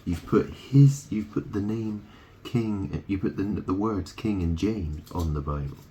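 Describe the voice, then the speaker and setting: Man, very low voice, slow unhurried delivery, rambling wordplay, keeps checking in with "right?". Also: dark tone, slight background noise. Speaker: video host. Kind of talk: rambling monologue.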